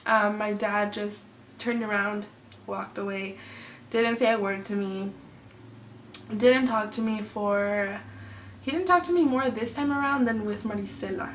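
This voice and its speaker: A woman's voice: mid-range voice, a little slow, fairly bright tone. A woman in her twenties telling a personal story on her vlog in a casual, chatty way, full of "like" fillers. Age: 20s. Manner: chatty, lots of "like" fillers, emotional retelling. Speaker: vlogger. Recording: roomy, slightly distant camera mic with faint hum.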